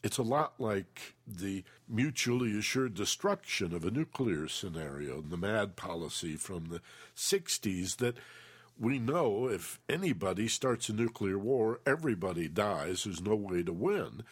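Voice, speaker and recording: Co-host: man, very low husky voice, lively pitch, emphatic advice-giver. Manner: slow, emphatic, acts out quoted feelings. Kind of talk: relationship advice talk.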